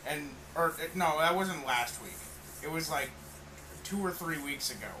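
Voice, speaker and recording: A man's voice: on the high side, normal speed, bright, forceful tone, a little hiss or hum, poor audio. A man co-hosting a casual wrestling podcast, rambling, swearing and correcting himself mid-sentence. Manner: rambling, profane, self-correcting. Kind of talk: casual chat.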